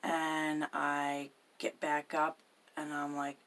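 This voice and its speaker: Woman with a deep, rough voice, angrily recounting a run-in, cursing freely and sometimes whispering. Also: completely flat delivery, slow pace, a bit bright. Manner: agitated, swears constantly, drops into whispers. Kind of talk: profane personal storytelling.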